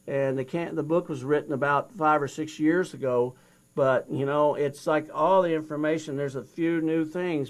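An older man, a guest in an interview, retelling his past with feeling and acting out both sides of a conversation. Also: on the high side. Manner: animated retelling, acts out both sides of a dialogue. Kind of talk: storytelling interview.

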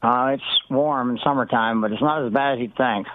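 A man's voice: mid-range voice, brisk, dry recording. A man calls in to a radio show and chats easily and casually. He comes through a tinny, dry phone line. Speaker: caller.

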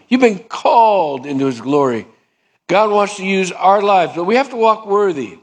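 Preaching man who acts out dialogue. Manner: acts out dialogue, swinging pitch up and down for imagined people; asks the congregation questions. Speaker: pastor. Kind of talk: sermon.

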